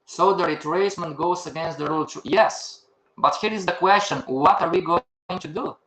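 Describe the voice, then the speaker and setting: Older male instructor, slightly high voice, live class, quizzes his students then answers them himself. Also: normal speed, a crowd in the background. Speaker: trading instructor. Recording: echoey room.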